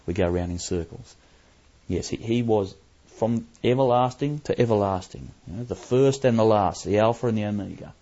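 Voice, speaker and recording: A man with a low, mellow voice delivers a Bible study sermon from scripture. He is emphatic, slowing and repeating key phrases for weight. The recording is muffled and lo-fi. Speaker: Bible teacher.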